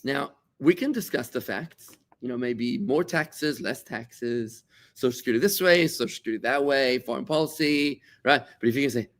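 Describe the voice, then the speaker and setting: A middle-aged man leads a Torah class as a rabbi. He talks in an animated, conversational way, often restarting and repeating words, and slips into quoted voices to act out his examples. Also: medium pitch, moderate pace. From South Africa.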